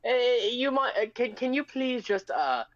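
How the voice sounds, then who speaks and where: A man's voice: very high-pitched, very animated, normal speed, background noise, pitched above the performer's own voice. Man doing a courteous mock-British thief, fussy and stammering, dull lo-fi mic. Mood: mock polite. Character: overly polite posh male British robber.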